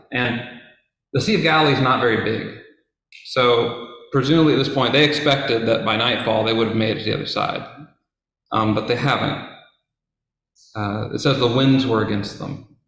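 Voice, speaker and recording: A man's voice: mid-range voice, fairly bright tone. Casual man retelling a Bible story. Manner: casual, conversational, with fillers and asides. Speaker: Bible teacher. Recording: very echoey room.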